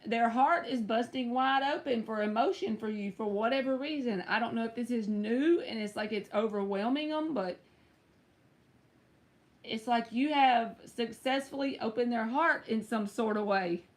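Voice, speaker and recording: A woman's voice: fairly high pitch, normal speed. A woman running a casual live-stream tarot reading, chatty and teasing as she talks to viewers by name.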